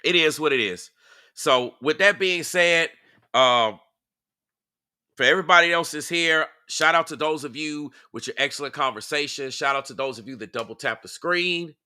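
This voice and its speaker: A man's voice: fairly high pitch, normal speed, bright, forceful tone, clear, resonant tone, no echo, clean studio sound. Emphatic man addressing a live chat. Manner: emphatic, repetitive, talking back to chat. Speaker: live stream host. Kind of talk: casual live-stream commentary.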